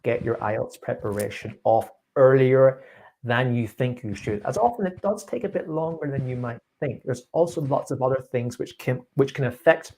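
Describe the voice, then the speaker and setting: Guy running an ielts class on a video call, bit husky, chatty encouraging coach. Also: medium pitch, normal speed, a little mellow. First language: English. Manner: encouraging, gives tips. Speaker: IELTS teacher. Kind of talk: live online coaching session.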